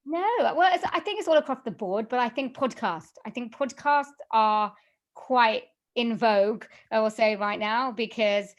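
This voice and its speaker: A woman chats as a guest on a podcast, her voice sitting a little high for a woman. She talks in an animated, easygoing way, with lots of fillers and frequent laughter. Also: normal speed, muffled recording. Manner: chatty and animated, laughs often, many fillers. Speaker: guest, voiceover artist and singer. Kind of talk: casual podcast interview.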